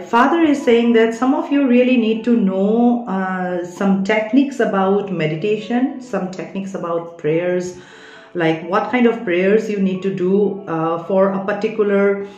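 A woman's voice: medium pitch, darkish tone. A woman giving an earnest spiritual tarot reading, often checking in with her listeners as she talks. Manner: earnest, keeps checking in with "all right?". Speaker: tarot card reader. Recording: roomy, dull lo-fi sound with faint music.

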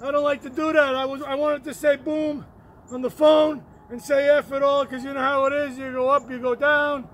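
A man rambling in an excitable way, with sudden shouts and whoops, while walking up a hill outdoors and recording on a phone. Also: very high-pitched, moderate pace, slight background noise. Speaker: vlogger.

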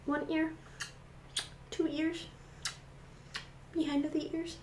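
A woman's voice: high-pitched, flat delivery, slow, darkish tone, a little hiss or hum, pitched above the performer's own voice. A woman cooing affectionate baby talk to her pet rabbit. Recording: echoey room.

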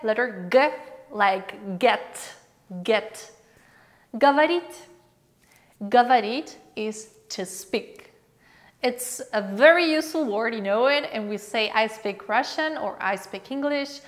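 A woman teaching a language alphabet lesson, saying each letter slowly and repeating example words. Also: on the high side, in a large hall.

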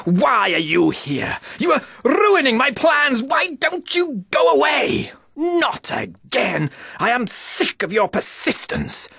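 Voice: mid-range voice, gravelly, bright, forceful tone, husky, no echo, studio quality, exaggerated voice. An actor playing a scheming, boastful male rat lord for a video game, with a nasal, gloating voice. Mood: exasperated. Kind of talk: video game villain voice acting.

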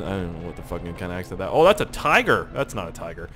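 A man giving casual gameplay commentary, excitable, swearing often and laughing at surprises. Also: sits low, fast talker, few pauses, faint music behind. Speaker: gaming channel host.

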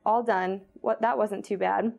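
A woman reading a gentle father who cares for newborns, using soft, coaxing baby talk. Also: medium pitch, fairly even intonation, unhurried, gravelly.

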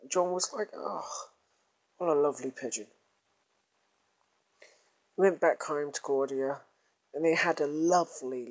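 A man telling a crude comic story in a casual, rambling way. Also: on the high side. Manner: rambling, crude, drawn-out groans.

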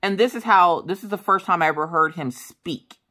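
A woman's voice: on the low side, moderate pace. A woman craft vlogger chatting casually as she tells a story, acting out the voices in her quotes. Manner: animated, acts out voices in quotes; chatty, with many fillers and asides.

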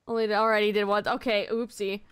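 Young woman streamer, high bright voice, exasperated and swearing, dry close mic. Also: level tone, fast, smooth, no echo. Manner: exasperated, swearing, yelling at chat. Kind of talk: live game streaming.

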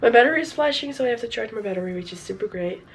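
A woman's voice: on the high side, lively intonation, rapid-fire. A young woman vlogging in a casual, rambling way, with a sore throat and a voice partly gone from a cold. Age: young adult. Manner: chatty, rambling, self-correcting, mildly sarcastic. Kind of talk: casual vlog chat.

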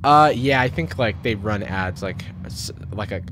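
A man's voice: lowish voice, expressive, a little slow, a bit bright, a little hiss or hum. A man hosting a live stream, chatting casually and jokingly while playing a game. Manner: chatty and jokey, lots of fillers. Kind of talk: casual gameplay commentary.

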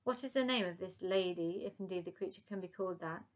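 A woman reading aloud, voicing an elderly queen who is weary but kind, in a measured, softly regal manner. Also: on the low side, close to an everyday voice.

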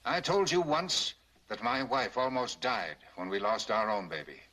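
A husband pushed past his limit, speaking low and deliberate. The tone is bright with a rough, husky grain. It sounds like an old film soundtrack. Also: animated, rough recording. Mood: cold, threatening. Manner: quietly intense, pleading then threatening. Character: grieving wealthy husband confronting a baby-selling doctor. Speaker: film actor.

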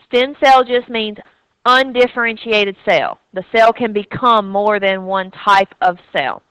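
A woman with a Southern US accent teaches a class in a bright, crisp voice. She keeps the tone chatty and keeps checking in with her students. The sound is close and dry. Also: mid-range voice, no room sound, poor audio. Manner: chatty, checks in with frequent "okay?". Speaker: anatomy and physiology teacher. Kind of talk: recorded classroom lecture.

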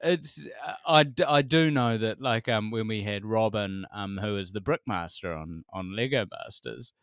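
A man in his forties with a New Zealand accent, a comedian telling stories as a podcast guest, animated, laughing often and swearing freely. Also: fairly low pitch, moderate pace, clear, resonant tone, no echo, clean studio sound. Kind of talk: casual conversation.

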